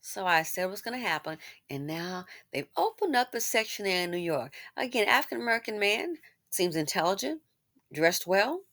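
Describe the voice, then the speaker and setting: A woman hosting a commentary channel, talking casually with sarcastic asides that swing between loud exclamations and muttered remarks. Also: mid-range voice, animated, normal speed.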